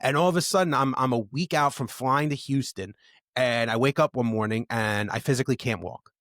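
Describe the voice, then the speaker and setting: A man's voice: medium pitch, brisk, fairly bright tone, dry recording, studio quality. A man on a podcast, telling candid stories in a casual, profane way. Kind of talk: casual chat.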